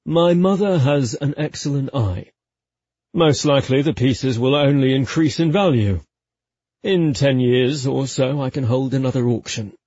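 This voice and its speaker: A man voicing a wealthy, composed, dryly teasing man who speaks softly and slowly. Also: mid-range voice, no room sound, lo-fi sound, lightly acted. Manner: soft, slow and understated.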